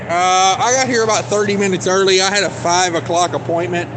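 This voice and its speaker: A talkative man, a truck driver, streams live from a phone while walking around an outdoor truck lot. His voice sits a bit high for a man, and he rambles through viewer questions with plenty of "uh" and "you know". Refrigeration units and traffic rumble loudly behind him. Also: steady tone, fairly quick. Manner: loose, chatty, thinks aloud with many fillers. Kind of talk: casual live-stream vlog, answering viewer chat. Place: outdoors in a truck lot at a cold storage yard. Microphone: phone held while walking. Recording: loud running refrigeration units and vehicle noise outdoors.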